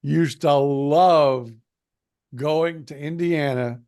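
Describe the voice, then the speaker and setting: An older man chats on a podcast, wandering through his stories with hesitant pauses. His voice sits a little high and has a gravelly fry. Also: a little mellow. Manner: rambling, hesitant, many "uh" pauses. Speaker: podcast co-host. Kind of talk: casual chat.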